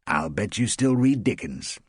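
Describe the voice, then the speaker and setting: A man voicing Hugh, a rueful, chatty man at a party, in a slightly raised husky voice. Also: fairly low pitch, expressive, unhurried, no echo, clean studio sound, voice pushed up.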